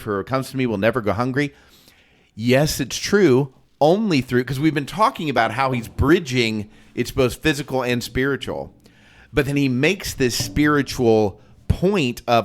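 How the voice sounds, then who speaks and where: A man's voice: mid-range voice, sing-song, brisk. Man musing aloud over scripture. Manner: thinks aloud, restarts, acts out quoted lines. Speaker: podcast co-host. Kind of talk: casual Bible discussion.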